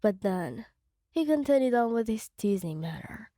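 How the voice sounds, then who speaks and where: A woman reading her own fan fiction story aloud in a soft, unhurried storytelling manner, sometimes close to a whisper. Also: on the high side, big pitch swings, no room sound.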